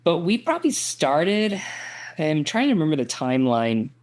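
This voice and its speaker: A man's voice: fairly high pitch, very animated, normal speed. Easygoing young man on a podcast. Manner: easygoing, stumbles over words. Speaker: podcast co-host. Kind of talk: casual podcast chat.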